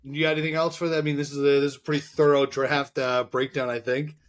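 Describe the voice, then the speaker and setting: A man with a slightly high voice co-hosts a sports podcast. He talks in a halting way, full of fillers, and drops dry sarcastic jokes. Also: little pitch movement. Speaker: podcast co-host. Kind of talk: casual sports podcast chat.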